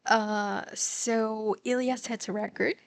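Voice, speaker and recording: Excitable, swearing young woman reviewer. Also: a little high, takes it slowly, gravelly, background noise. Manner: excitable and swearing, with frequent laughs. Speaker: show reviewer. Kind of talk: casual reaction commentary.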